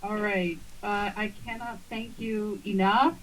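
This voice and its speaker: A woman's voice: medium pitch, steady tone, a little slow, a little hiss or hum, low-quality recording. A woman calling in to a spiritual radio show, grateful and hesitant, with many fillers. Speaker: caller. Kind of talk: call-in conversation.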